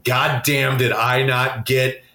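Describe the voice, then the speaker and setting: A man's voice: medium pitch, little pitch movement, slow pace, pushed and bright, echoey room. A man co-hosting a podcast in casual chat, emphatic and swearing for stress. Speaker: podcast co-host.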